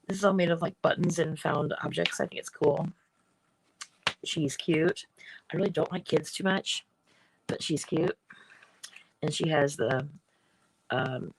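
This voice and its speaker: A woman chatting casually as she shows her craft books on a livestream, rambling and often clearing her throat. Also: deep voice, noisy background. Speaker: artist hosting a livestream. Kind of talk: casual craft show-and-tell.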